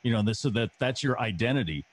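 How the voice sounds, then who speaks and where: Easygoing man, mid-pitched voice. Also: lively intonation, quick pace, slightly rough, no echo. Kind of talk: casual podcast chat.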